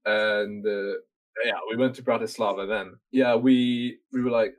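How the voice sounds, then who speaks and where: A man's voice: lowish voice, fairly even intonation, unhurried, poor audio. A young man from Norway chatting casually on a podcast, rambling through a story full of fillers and swearing. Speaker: podcast guest telling a story. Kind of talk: casual chat.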